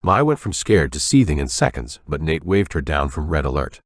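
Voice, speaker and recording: A man narrating an audiobook in a measured, even storytelling manner on a close studio mic. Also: very deep voice, no echo. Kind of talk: scripted narration.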